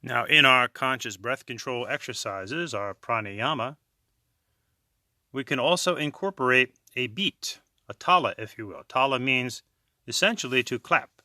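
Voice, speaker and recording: Slow, calm male yoga teacher. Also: mid-range voice, no room sound, clean studio sound. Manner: slow, calm counting and chanting. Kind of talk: guided breathing instruction.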